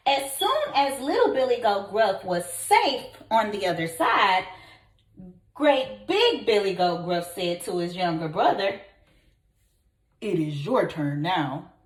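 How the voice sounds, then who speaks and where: A woman, a kindergarten teacher, reading a children's story aloud in an expressive voice, pausing to ask the children questions. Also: medium pitch. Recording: echoey room.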